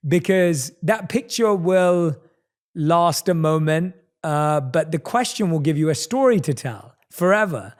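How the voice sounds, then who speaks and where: A man hosts a podcast in a conversational style. He sounds enthusiastic and affirming. His voice sits a little higher than most men's. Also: lively intonation, unhurried. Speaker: podcast host. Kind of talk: conversational interview.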